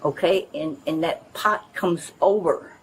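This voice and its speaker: Questioned by police, an older resident keeps rambling and complaining insistently to an officer, captured on outdoor bodycam audio with faint noise. She speaks in a low voice at an unhurried pace, and the audio is poor.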